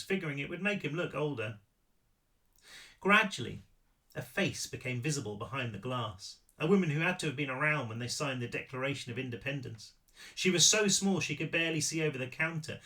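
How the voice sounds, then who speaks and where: A man reading his own novel aloud, animated, with big swings in pitch. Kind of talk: audiobook-style read-through.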